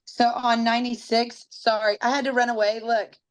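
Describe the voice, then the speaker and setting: A woman's voice: fairly high pitch, level tone, normal speed. A woman, a mother, chatting casually on a video call and reading her notes aloud. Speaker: book study participant, mother. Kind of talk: casual group discussion.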